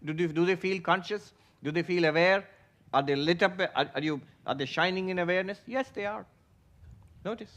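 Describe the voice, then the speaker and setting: Spiritual teacher, man, fairly high voice; patient lecture style with questions to the room. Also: brisk, a bit bright. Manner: patient, explanatory, poses questions to the audience; acts out everyday inner voices for illustration. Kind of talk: philosophy class lecture.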